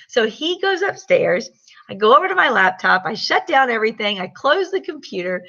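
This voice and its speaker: Bright, lively woman telling a story. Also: a little high, fairly quick, highs cut off. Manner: animated storyteller, acts out quotes. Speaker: sales leader giving a motivational talk. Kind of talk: personal story and pep talk.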